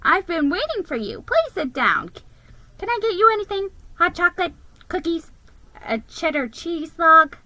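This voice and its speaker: A woman voicing a cheerful elderly Mrs Claus who offers treats in a high, eager voice. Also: sing-song, normal speed, pushed and bright, no echo, full character voice. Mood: welcoming.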